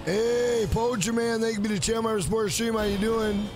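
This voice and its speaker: A man with a high, level voice live-streams a video game at a normal pace while music plays. He chats casually and directly with his viewers, thanking them by name and calling them "bro" over and over.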